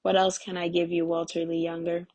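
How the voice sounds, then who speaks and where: A woman's voice: fairly low pitch, monotone, a little fast, darkish tone, no echo. A woman reading the part of a tired young wife, pleading and resigned. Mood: weary.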